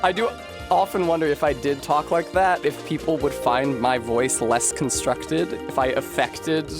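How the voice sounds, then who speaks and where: This fairly high-pitched male voice moves a little slowly over music on a casual gaming livestream. The speaker has a Rhode Island accent and rambles articulately and wordily. His humor is self-mocking.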